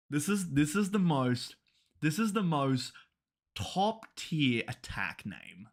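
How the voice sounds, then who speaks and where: A woman giving live reaction commentary, excitable and swearing, stammering through restarts as her voice goes hoarse. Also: deep voice, takes it slowly. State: voice going hoarse. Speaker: manga reaction streamer.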